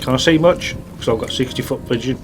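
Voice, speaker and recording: A man's voice: mid-range voice, brisk, slight background noise. A man playing a tabletop game who talks about his character in a playful, casual way. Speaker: player.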